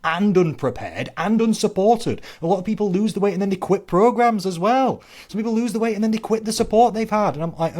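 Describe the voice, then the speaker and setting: A man, a fitness coach co-hosting a podcast, talking in casual chat with punchy loud stresses and quiet asides. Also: high voice, animated, fairly quick, few pauses.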